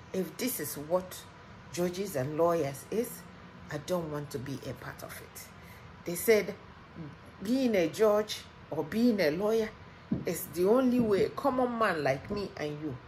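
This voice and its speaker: A woman's voice: on the low side, a little hiss or hum, rough recording. A Nigerian woman delivering an impassioned political rant as a vlogger, heated and emphatic, repeating her points.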